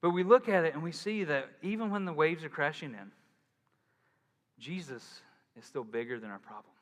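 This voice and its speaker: A man preaching a sermon as pastor, in a casual, animated way, acting out quotes. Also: a little high, moderate pace. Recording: long hall reverb.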